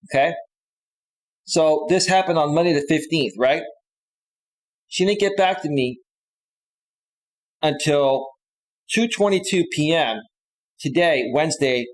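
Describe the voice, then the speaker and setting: Guy coaching on a livestream, kinda high voice, chatty, keeps saying right? and repeating himself. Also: poor audio. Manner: chatty, keeps checking in with listeners; repeats himself and restarts phrases. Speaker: dating and life coach. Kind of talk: casual livestream monologue.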